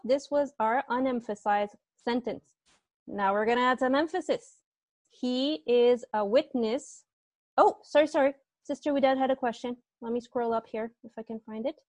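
Teacher, female, higher-pitched voice, online class, patient step-by-step explainer, dry close sound. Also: normal speed, a little mellow, no echo. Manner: patient, explains step by step, asks students questions. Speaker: Arabic grammar teacher. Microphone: earbuds.

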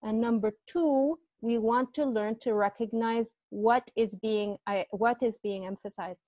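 A woman's voice: fairly high pitch, steady tone, unhurried, dark tone, no room sound. A woman teaching Arabic grammar to students online, explaining patiently step by step and asking them questions, speaking through earbuds on a video call.

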